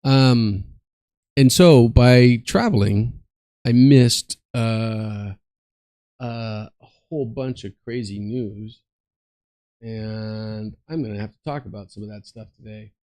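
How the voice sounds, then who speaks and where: A man's voice: on the low side, warm tone, no room sound. A tired man chatting casually and meandering while he plays an online game, with lots of fillers and restarts. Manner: slow, meandering, many fillers and restarts, mutters to himself. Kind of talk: casual rambling chat over gameplay.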